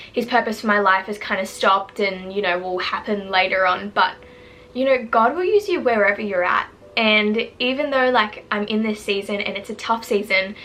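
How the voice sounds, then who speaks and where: Bright, teary young woman. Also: medium pitch, rough recording. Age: 20s. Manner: earnest, tearful, rambling with many fillers. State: teary and emotional. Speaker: vlogger. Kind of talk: emotional personal vlog to camera. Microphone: camera mic, sitting close.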